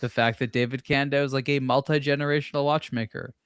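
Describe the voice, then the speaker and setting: A man chatting casually on a watch panel show, wry and joking, talking in quick bursts. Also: mid-range voice, fairly even intonation, fairly bright tone, clean tone, no room sound, studio quality. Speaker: watch blogger and show regular.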